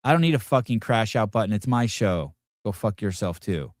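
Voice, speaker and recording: A man's voice: lowish voice, sing-song, fairly quick, no room sound, studio quality. A man hosting a show, giving casual reaction commentary in a combative, profane rant aimed at his audience and producer. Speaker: podcast host.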